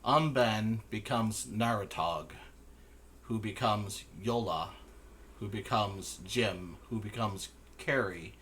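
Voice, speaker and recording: Bright-voiced guy running a tabletop game, slow and measured. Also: lowish voice, slight background noise. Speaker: game master.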